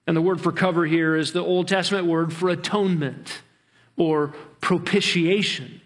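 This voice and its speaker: High-voiced man preaching a sermon. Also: steady tone. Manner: earnest preaching, stretches key words slowly. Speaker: pastor.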